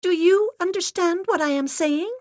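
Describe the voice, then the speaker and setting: A woman voicing a solemn, stern medium's assistant who intones rules in a formal, steady monotone. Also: very high-pitched, normal speed, dry recording, pitched above the performer's own voice. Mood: stern commanding.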